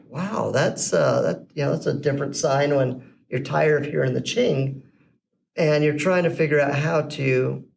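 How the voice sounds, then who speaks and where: Heard through a slightly distant mic with faint background noise, a middle-aged man guesting on a podcast tells his business story in a relaxed way. He's an animated storyteller who performs the quoted dialogue, and his voice is a little high and creaky.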